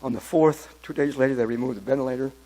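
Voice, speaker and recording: A man in his seventies telling his personal testimony at church, in a halting storytelling way with many restarts. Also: mid-range voice, mellow, rough recording. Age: 70s. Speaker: church member giving testimony.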